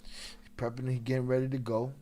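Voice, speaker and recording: A man hosting a live stream, telling a profane, animated story in a casual way and laughing along. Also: medium pitch, brisk.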